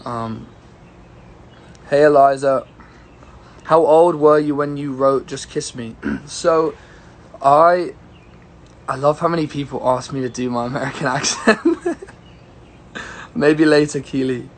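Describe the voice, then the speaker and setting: A man's voice: a little high, steady tone, takes it slowly, pauses often, a little hiss or hum. A young man, a singer-songwriter, chatting casually on a phone livestream as he answers viewers' questions in a rambling, easygoing way. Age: young adult.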